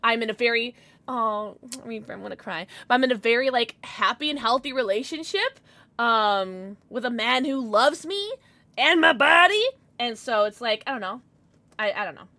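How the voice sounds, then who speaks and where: Woman, 30s, gaming streamer, casual chat, bright and slightly high. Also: animated, normal speed, no room sound. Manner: chatty, affectionate with chat, frequent fillers.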